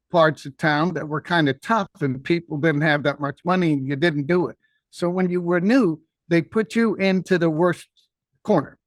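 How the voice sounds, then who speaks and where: Older guy rambling thru an old story, slightly high voice, dry close mic. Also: no echo. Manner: rambling, folksy. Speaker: guest. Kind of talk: personal storytelling.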